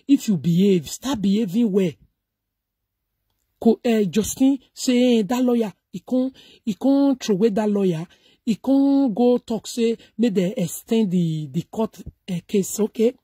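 A woman's voice: a little high, dark tone, breathy edge, no room sound, studio quality. A middle-aged woman with a Nigerian accent giving emphatic, preachy commentary, mixing Pidgin and English. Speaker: social media commentator. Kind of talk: casual commentary.

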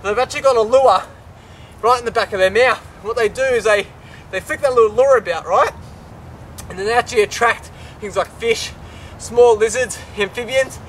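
Breathless Australian man, high-pitched and whooping. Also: moderate pace, a bit bright, slight background noise. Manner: exuberant, whooping, casual slang. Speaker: wildlife adventurer host. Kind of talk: excited on-location presenting. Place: outdoor swamp, in the water.

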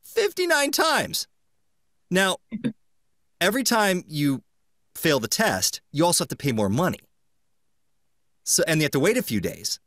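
A man's voice: on the high side, sing-song, unhurried, long pauses, a bit bright, no echo, clean studio sound. A man hosting a podcast in casual chat, playfully reading quiz questions aloud and laughing mid-sentence. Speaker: podcast host.

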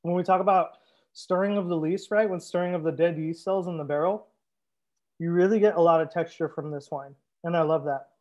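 A man's voice: fairly high pitch, steady tone, a little fast, darkish tone. A young man hosting a live wine tasting as a sommelier, chatting casually and joking as he reads out viewer comments. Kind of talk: casual livestream chat.

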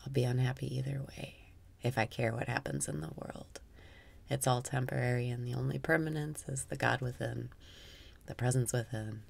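A woman guiding a meditation, speaking softly and often slipping into a whisper, with wry, self-mocking laughter. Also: rumbling low, fairly even intonation, moderate pace, gravelly, slight background noise. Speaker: meditation guide. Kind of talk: guided meditation.

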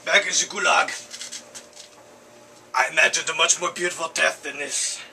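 A man playing a melodramatic, self-pitying Russian villain who is dying, in a put-on Russian accent, with overwrought, drawn-out lamenting in an amateur comedy spoof. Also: on the high side, steady tone, creaky, bright, forceful tone, heavily acted. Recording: distant mic, faint hiss.

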